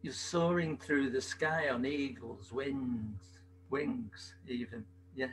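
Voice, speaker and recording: A man performing at an open mic over a video call, reading a poem softly and slowly, then chatting before a sung parody. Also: mid-range voice, steady tone, slight background noise, rough recording. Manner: slow, soft-spoken delivery with gravelly fry.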